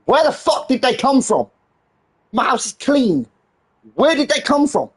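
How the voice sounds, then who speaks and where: A man's voice: very high voice, big pitch swings, unhurried, husky. A man streaming a game, ranting in an exasperated, heavily sweary way. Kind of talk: casual live-stream rant.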